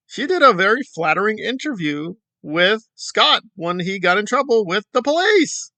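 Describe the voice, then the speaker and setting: A man's voice: sits high, animated, moderate pace, few pauses, sharp tone, no echo. A man giving sarcastic, mocking commentary on an online video feud. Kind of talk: reaction commentary.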